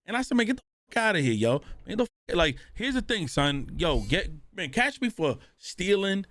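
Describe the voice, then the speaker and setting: A male streamer reacts live and speaks straight to his chat, blunt and full of swearing. His voice sits high. The sound is dry and close, with no room in it. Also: big pitch swings, moderate pace, a bit bright, no room sound.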